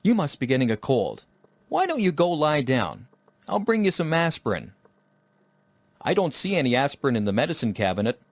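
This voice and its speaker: Lively man reading practice dialogue. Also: medium pitch, normal speed, dry recording.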